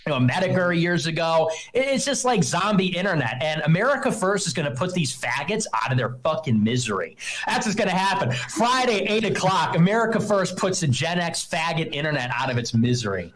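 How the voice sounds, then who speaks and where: A man's voice: on the high side, sing-song, a little fast, fairly bright tone. A young man hosting a live stream, ranting in a scornful, mocking and profane way. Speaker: streamer host. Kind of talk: heated live-stream rant.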